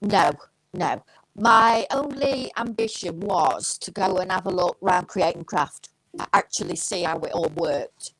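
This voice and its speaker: A middle-aged woman talks as a guest on a casual live show, friendly and modest in an informal way. Her pitch rises and falls a lot as she talks. The recording is dry and close. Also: animated, unhurried, fairly bright tone, no echo, low-quality recording. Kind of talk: casual interview chat.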